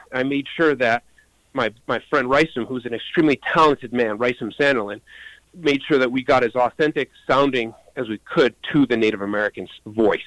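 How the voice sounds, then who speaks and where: A man talks about his puppet theater as an interview guest. He explains things earnestly and with enthusiasm at an ordinary pitch. The sound is dry and close. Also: a bit bright, dry recording, rough recording. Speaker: puppeteer and show creator.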